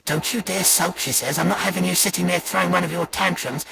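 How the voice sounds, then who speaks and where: Sulky, fry-edged animatronic grumbler for a performer; noisy lo-fi capture. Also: medium pitch, steady tone, brisk. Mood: grumbling. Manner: grumbling, mock-childish complaining. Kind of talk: fan voice acting of a poem. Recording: noisy hiss.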